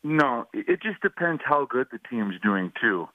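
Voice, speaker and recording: A man's voice: medium pitch, sing-song, normal speed, dry recording. A man co-hosting sports radio, skeptical and argumentative as he pushes back on the betting claims. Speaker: radio co-host. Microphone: phone. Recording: dry tinny phone line.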